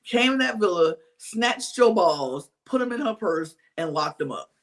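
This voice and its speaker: A podcast co-host recapping with animated storytelling and acted-out quotes. The pitch swings widely from line to line while sitting in a middle register. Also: a little slow. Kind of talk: casual chat recapping reality TV.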